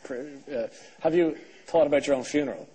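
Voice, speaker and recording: A man's voice: a little high, brisk, warm tone, slight background noise, poor audio. A man in his thirties with an Irish accent, hosting a TV talk show and firing probing follow-up questions at his guest. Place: TV studio.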